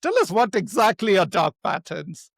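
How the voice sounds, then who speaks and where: A middle-aged man hosting a podcast, introducing the topic and guest in a measured, formal way. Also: high-pitched, big pitch swings, gravelly, breathy edge, no room sound, studio quality. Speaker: podcast host. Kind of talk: podcast interview.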